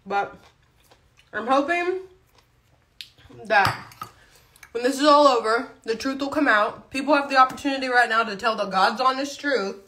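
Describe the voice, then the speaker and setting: A woman's voice: high-pitched, normal speed, long pauses, pushed and bright. Blunt woman chatting on a live stream, talking with her mouth full, just rambling. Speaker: vlogger. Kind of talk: casual livestream chat.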